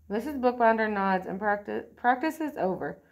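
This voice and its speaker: Lady reading a kids picture book out loud, clear and expressive. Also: medium pitch, normal speed. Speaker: storyteller.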